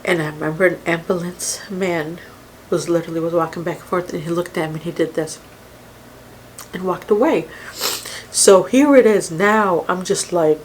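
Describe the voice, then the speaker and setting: A woman telling a painful personal story on camera, halting and emotional, with many pauses and fillers, sometimes dropping to a whisper. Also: on the low side, slight background noise, rough recording. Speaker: mukbang creator. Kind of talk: storytime while eating.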